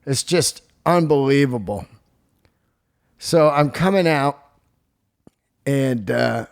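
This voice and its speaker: A man's voice: medium pitch, slow, gravelly, long pauses. A man hosting his podcast as a comedian, talking loosely and profanely with lots of fillers. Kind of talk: casual monologue.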